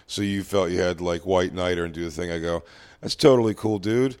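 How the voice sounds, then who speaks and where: A man's voice: low voice, fairly quick. A man in his thirties co-hosting a chat show, telling stories and acting out the other voices. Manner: animated, acts out quoted exchanges, laughs often. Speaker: podcast co-host, comedian. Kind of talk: casual chat, storytelling.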